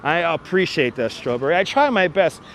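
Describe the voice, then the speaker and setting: A man's voice: on the high side, big pitch swings, normal speed, creaky, slight background noise. A man hosting a walking livestream on city streets, thanking viewers over and over in an effusive way. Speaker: livestream host. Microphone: wireless clip-on mic.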